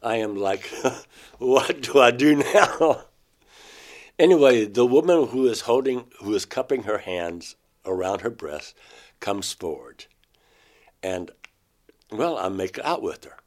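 Speaking slowly with long pauses, a man with a lowish, darkish voice delivers an animated account. He is being interviewed and earnestly describes his abduction in the first person, reenacting what he once said.

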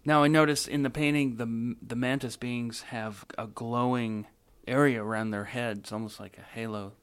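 A man interviewing a guest, asking direct, measured questions. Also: medium pitch, steady tone, smooth.

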